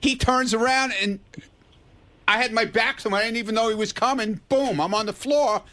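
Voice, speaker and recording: A man's voice: extremely high pitch, fairly quick, sharp tone. A man telling a story on a radio show, defensive and protesting as he is interrupted. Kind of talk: casual radio banter.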